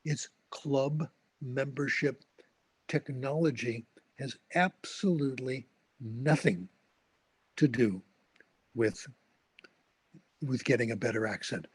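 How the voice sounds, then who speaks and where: Husky older male lecturer telling wry stories. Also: medium pitch, slow pace, long pauses, no room sound. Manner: storytelling, wry, tags points with "okay?". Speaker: linguist giving a lecture. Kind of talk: anecdotal recorded lecture.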